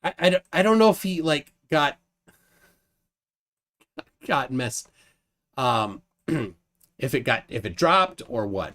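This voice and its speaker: A man's voice: mid-range voice, sing-song, a bit bright. A man hosting a live debate stream, talking casually with lots of fillers and restarts. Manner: rambling, halting with restarts and fillers. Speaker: livestream host.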